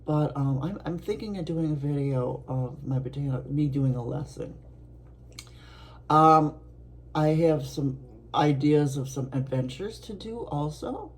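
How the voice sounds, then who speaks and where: A middle-aged woman from Buffalo, New York, chatting casually to her viewers as an art vlogger, rambling along with soft laughs and restarts. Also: sits low, measured pace, a little hiss or hum. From Buffalo, New York, USA.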